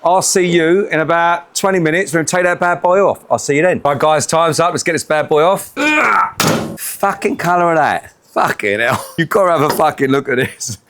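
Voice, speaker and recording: A man's voice: a little high, a little fast, a bit bright, a little hiss or hum. A middle-aged man hosting a casual cooking vlog, joking, laughing often and swearing freely. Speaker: home cooking vlogger.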